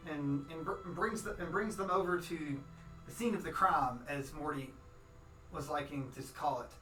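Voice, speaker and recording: Rambling, higher-voiced male game master. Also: normal speed, a bit bright. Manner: rambling, full of restarts and fillers. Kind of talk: narrating a tabletop game. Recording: roomy, from far off. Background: music.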